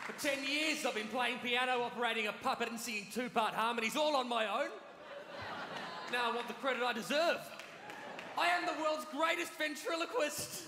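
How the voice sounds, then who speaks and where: A man's voice: very high-pitched, crowd noise, noisy background. A man voicing a smug, boastful puppet clone. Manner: boastful, showy, quick deadpan comebacks. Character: smug male puppet clone and self-styled ventriloquist. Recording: echoey theatre with loud audience.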